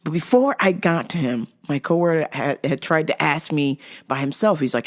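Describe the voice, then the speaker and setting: A woman vlogger telling a story in a profane, laughing, lively way. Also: sits low, a little fast. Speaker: video blogger. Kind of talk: storytime vlog.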